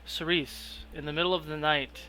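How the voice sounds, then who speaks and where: A man's bright, fairly high voice leads the tabletop game as its game master. He narrates loosely and easily, with plenty of fillers. A faint hiss of noise sits behind him. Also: fairly even intonation, normal speed, rough recording.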